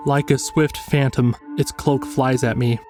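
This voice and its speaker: A man reading a first-person horror story as scripted narration, measured and tense. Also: mid-range voice, fairly even intonation, a little mellow, faint music behind.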